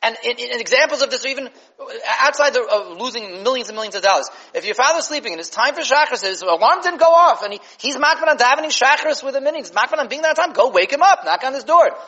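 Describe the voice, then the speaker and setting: A man teaching a Torah lesson as a rabbi, lively and full of fillers and restarts. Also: very high-pitched, fast, rough recording. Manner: animated, with many fillers and restarts.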